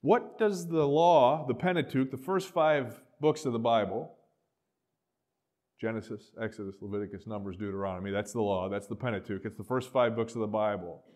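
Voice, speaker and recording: A middle-aged male pastor preaching a sermon, animated, acting out quoted voices and dropping to quiet asides. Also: fairly low pitch, normal speed.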